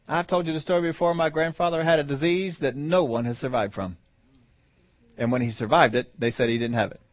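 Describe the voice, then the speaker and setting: A man's voice: high voice, brisk, no room sound, highs cut off. A man preaching a sermon in a conversational way, chuckling and rising to emphatic peaks.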